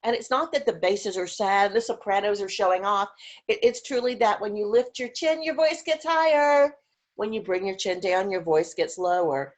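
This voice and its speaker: A woman's voice: medium pitch, lively intonation, normal speed. A woman giving an informal conference talk on caregiving over a video call, chatty with frequent fillers and demonstrating voice examples as she goes.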